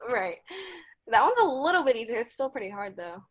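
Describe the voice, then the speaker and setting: A woman presenting a read-along for young children over a video call, reading a picture book aloud slowly and carefully, with encouraging asides to the kids. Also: high voice, big pitch swings, fairly bright tone.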